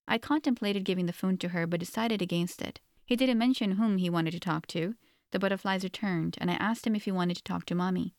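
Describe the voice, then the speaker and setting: A woman's voice: medium pitch, fairly quick, a little mellow, dry recording, clean studio sound. A woman narrating a first-person novel in an earnest, reflective manner. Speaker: audiobook narrator.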